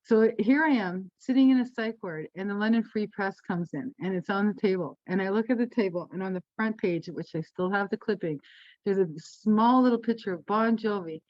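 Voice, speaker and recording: A woman medium from Canada, telling stories in a casual interview, animated and profane, laughing often. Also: mid-range voice, a little fast, dry recording. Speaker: guest, spiritual medium. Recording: dull lo-fi sound.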